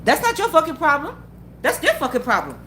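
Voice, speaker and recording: This motivational vlogger speaks fairly quickly in a high, bright, forceful voice whose pitch swoops wildly, with slight background noise. Her unscripted rant is blunt and profane; she repeats her points and keeps asking the listener for agreement and whether they follow.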